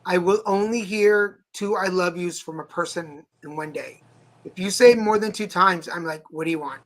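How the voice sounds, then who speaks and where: A man co-hosting a talk show, chatting in a relaxed, soft-spoken, joking way. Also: high voice, moderate pace. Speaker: co-host. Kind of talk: casual chat.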